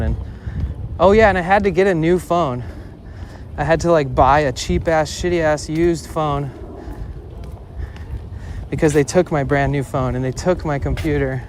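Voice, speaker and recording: A man streaming outdoors, casually telling a story in a loose, profane, animated way with acted-out quotes. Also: on the high side, normal speed, long pauses. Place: outdoors in a city. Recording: outdoor street noise behind.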